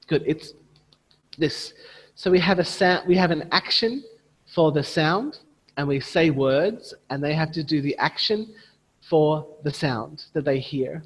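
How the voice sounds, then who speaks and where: A man leads a phonics training, speaking slowly and carefully in a slightly raised voice, modeling sounds and chanted questions for young learners. A long reverb hangs on his voice, as if he is recording in a hall. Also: fairly high pitch, lively intonation, a bit bright, breathy edge. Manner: slow, deliberate teacher voice, exaggerated phonics sounds and chanting prompts. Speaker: teacher trainer. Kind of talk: online teacher training with classroom demonstrations.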